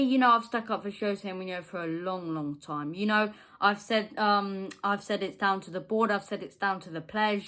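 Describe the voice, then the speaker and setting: A woman hosts a football fan channel and delivers a furious post-match rant. Her voice is pitched in an ordinary middle range. She drops into low, gutted grumbling, then bursts out louder and higher, and she hammers her points home by repeating them. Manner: heated and exasperated, repeating points for emphasis; jumps from low grumbling to loud, high outbursts.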